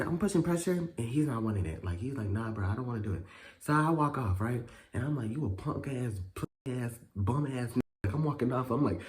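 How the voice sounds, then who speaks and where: A young man in a casual storytime vlog, telling a school story in animated, profane bursts with sudden jumps in pitch. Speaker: vlogger.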